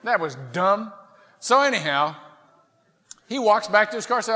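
A middle-aged pastor whose voice swoops high and low as he tells a self-deprecating story from the pulpit. His tone is bright and sharp, and a long reverb hangs in the big sanctuary. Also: normal speed. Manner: animated, self-mocking storytelling. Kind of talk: sermon. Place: large church sanctuary.

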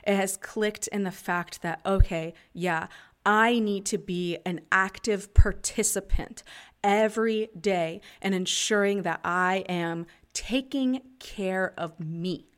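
Candid, swearing woman in her thirties. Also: medium pitch. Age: 30s. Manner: candid and frequently swearing, laughing between thoughts; slows to a calm guiding tone for breathing exercises. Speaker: podcast host and life coach. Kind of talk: casual confessional podcast talk.

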